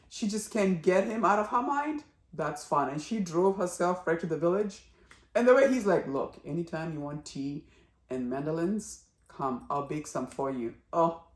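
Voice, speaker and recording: A woman giving a casual spoken review of a drama series, chatty and animated, acting out characters' lines as she goes. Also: fairly low pitch, echoey room.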